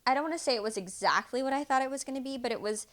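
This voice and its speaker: A woman's voice: high voice, a bit bright. Chatty, giggly woman on a podcast. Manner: chatty and giggly, quick to laugh. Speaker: podcast co-host. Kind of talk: casual chat.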